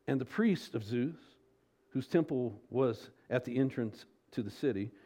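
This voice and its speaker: A man preaching an expository sermon as pastor, asking rhetorical questions, his pitch and loudness rising and falling. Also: animated, unhurried.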